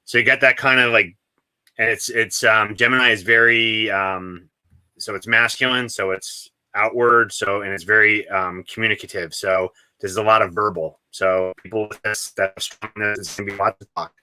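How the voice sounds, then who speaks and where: Male co-host, low, sharp and forceful tone, self-deprecating, casual explainer. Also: fairly even intonation, normal speed, smooth, no room sound. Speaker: astrology podcast co-host. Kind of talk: casual chat.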